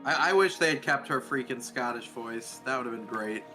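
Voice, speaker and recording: A man's voice: medium pitch, animated, normal speed, sharp tone, faint music behind. A man co-hosting a live game stream, joking crudely and playfully. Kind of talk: live gameplay chat.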